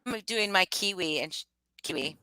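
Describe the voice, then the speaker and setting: A woman's voice: on the low side, lively intonation, moderate pace, bright, forceful tone, a little hiss or hum, poor audio. A tired woman chatting casually on a livestream, swearing freely and laughing at herself. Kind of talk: casual chat.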